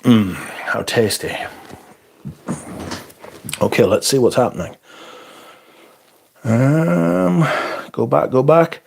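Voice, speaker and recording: Slow, sing-song, and gravelly yet a little mellow and husky, this medium-pitched man pauses often while hosting a laid-back fragrance livestream. He reads viewer comments out loud, rambles, jokes at his own expense, and leaves thoughts hanging.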